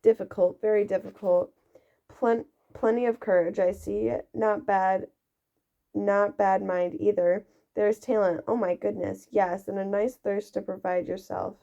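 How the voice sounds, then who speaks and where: A woman's voice: mid-range voice, steady tone, measured pace, vocal fry, dark tone. Woman voicing a musing old talking hat, storybook style. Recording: dull lo-fi recording.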